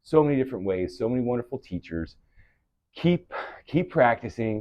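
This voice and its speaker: Man, yoga instructor, calm breath cues, dry lo-fi sound. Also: medium pitch, moderate pace, no room sound. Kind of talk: guided yoga cueing.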